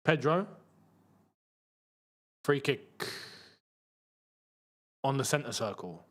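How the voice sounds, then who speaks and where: A young man hosting a live football watchalong, reacting with frustration and bursts of excitement. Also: mid-range voice, drawn-out words. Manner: frustrated, animated, swings between muttering and shouting. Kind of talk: live match watchalong commentary.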